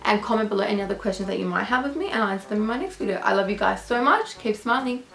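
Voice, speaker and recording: A woman's voice: mid-range voice, animated, very fast, vocal fry, a bit bright. A young Australian woman vlogging casually, answering viewer questions in a gushing, chatty, affectionate way. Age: young adult. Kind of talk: casual Q&A vlog. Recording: echoey room with faint music.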